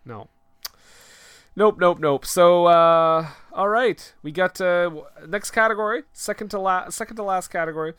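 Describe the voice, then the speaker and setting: A man's voice: sits high, moderate pace, fairly bright tone, clear, resonant tone, no echo, clean studio sound. A man co-hosting a comedy awards bit, stammering and laughing often in casual banter. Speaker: co-host presenting mock awards.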